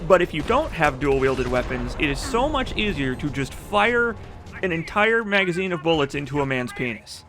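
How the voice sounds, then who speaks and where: A man's voice: a little high, sing-song, moderate pace, a bit bright. Profane joking speedrun commentator man. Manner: joking, profane and rambling, reads chat aloud. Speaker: speedrunner commenting on his own run. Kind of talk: casual game commentary. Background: game music.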